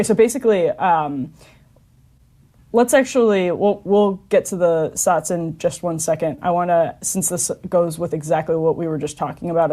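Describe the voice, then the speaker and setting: Chatty woman host, low voice. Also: a little mellow. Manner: chatty, laughs often, restarts. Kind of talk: casual chat.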